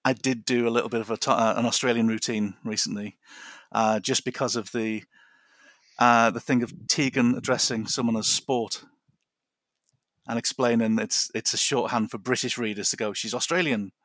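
A man's voice: medium pitch, fairly even intonation, normal speed, a bit bright, no echo, clean studio sound. A man chatting as a podcast guest from his garden, rambling and laughing often. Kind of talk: casual chat.

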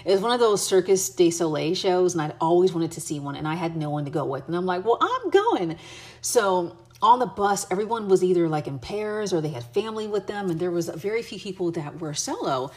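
A woman's voice: fairly low pitch, fairly quick, hardly any pauses, a little mellow. An American woman giving travel tips in a casual, chatty way, with many fillers and restarts. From United States. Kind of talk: casual advice chat.

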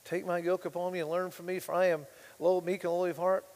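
A male pastor preaching a sermon, swinging between hushed asides and loud, impassioned passages, reading scripture aloud with rising intensity. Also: high-pitched, little pitch movement, quick pace, big-room sound.

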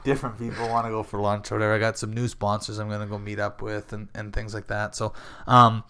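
A man's voice: lowish voice, completely flat delivery, fast talker, pushed and bright. A man in his thirties, a fighter, chatting casually on a podcast and rambling through a story while acting out the people he quotes. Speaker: MMA fighter.

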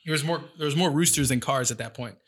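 A man from San Jose telling a story in a casual chat, profane and animated, acting out the quotes. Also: medium pitch, fast, breathy edge. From San Jose, California.

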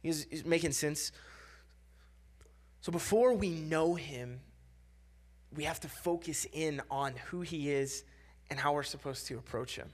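A man's voice: fairly high pitch, a little slow, long pauses. A young man giving a casual sermon, talking loosely with many fillers and repeats and acting out quoted voices.

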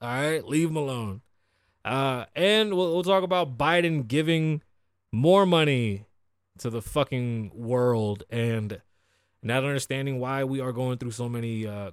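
A man's voice: medium pitch, a little slow, no echo, clean studio sound. A man hosting a podcast, riffing on news in a casual, profane and opinionated way. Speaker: podcast host.

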